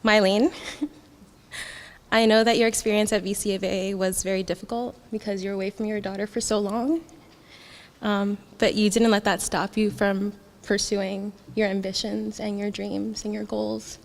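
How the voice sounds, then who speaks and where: A young woman gives a graduation speech in a hall with a long, ringing reverb. She talks in a heartfelt way, with frequent small laughs. Her pitch sits in the middle for a woman. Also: level tone, measured pace, vocal fry. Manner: heartfelt, laughs often, gets emotional. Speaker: graduating student speaker.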